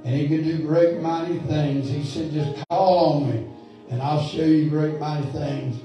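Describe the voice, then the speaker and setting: Fervent preacher in an echoey church. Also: male voice, on the high side, fairly even intonation, measured pace, mellow, faint music behind. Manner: fervent preaching, building to emphatic calls. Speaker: pastor. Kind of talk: sermon. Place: church sanctuary. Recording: echoey church hall, mic far off.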